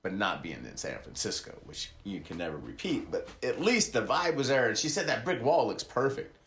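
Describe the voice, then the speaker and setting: Male podcast host, mid-pitched, loose and digressive, recorded in an echoey room. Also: very animated, moderate pace, fairly bright tone. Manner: loose, digressive, talks to listeners directly. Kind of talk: rambling casual monologue. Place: small community radio studio.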